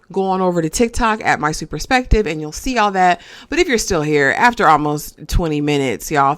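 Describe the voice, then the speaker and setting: A woman giving a casual, chatty recap of a reality show, animated and often checking in with the viewer. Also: deep voice. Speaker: reality TV reviewer.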